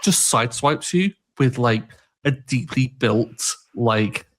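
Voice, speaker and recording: A young man co-hosting a podcast, chatting casually in a relaxed, rambling way. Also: mid-range voice, takes it slowly. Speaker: podcast co-host. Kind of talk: casual chat.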